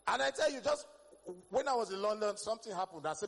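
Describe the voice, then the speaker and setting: A high-pitched Nigerian man with a husky edge performs stand-up, spinning stories in Pidgin-laced English and breaking into loud shouts. His voice rings through a hall with a long, trailing reverb. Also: brisk. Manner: animated storytelling with Pidgin English, bursts of shouting. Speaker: stand-up comedian. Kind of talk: stand-up comedy set.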